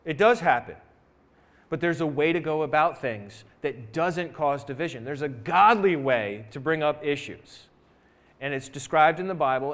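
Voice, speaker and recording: In a church sanctuary, a male pastor with a mid-range, fairly bright voice preaches in a conversational way. Rhetorical questions and side remarks to the congregation run through his sermon.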